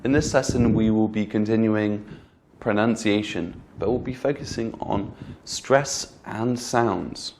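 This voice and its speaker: A man teaching English pronunciation, speaking clearly and modeling each word slowly with exaggerated stress. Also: on the low side, darkish tone, slight background noise. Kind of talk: slow, clear teaching delivery.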